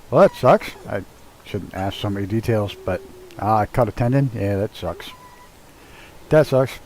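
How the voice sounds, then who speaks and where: A man's voice: medium pitch, a little mellow, slight background noise, low-quality recording. Casual male streamer, mid-range voice, loose and profane, narrating his own flying to viewers. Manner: loose, swears freely, chats with viewers while doing cockpit tasks. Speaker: live streamer. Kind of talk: casual live-stream chat while flying a flight sim. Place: at home with his dog nearby.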